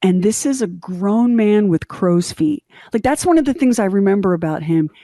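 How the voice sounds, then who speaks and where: A middle-aged woman co-hosting a podcast, telling a story in candid, animated casual chat and acting out the quotes. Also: medium pitch, normal speed, no room sound, clean studio sound. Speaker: podcast co-host.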